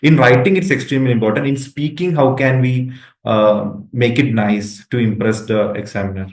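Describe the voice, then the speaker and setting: A man hosting an interview, his voice sounding roomy and echoey. He asks his questions casually and hesitantly, restarting phrases and filling pauses often. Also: mid-range voice, steady tone. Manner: hesitant, many fillers and restarts. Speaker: interview host. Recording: echoey room.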